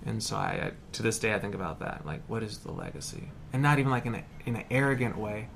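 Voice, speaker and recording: Man in his thirties, lively storyteller who voices the people he quotes, porch chat with faint mowing behind. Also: lowish voice, fast talker, vocal fry, a little hiss or hum. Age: 30s. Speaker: podcast guest, hypnotist. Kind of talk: casual conversation. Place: front porch. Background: lawn mower across the street.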